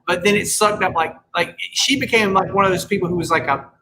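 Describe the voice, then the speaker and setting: A man's voice: high voice, fairly quick, crowd noise, rough recording. A man hosting a casual chat show, telling wry stories and acting out quoted back-and-forth. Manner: storytelling, wry, acts out quoted dialogue. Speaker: podcast host.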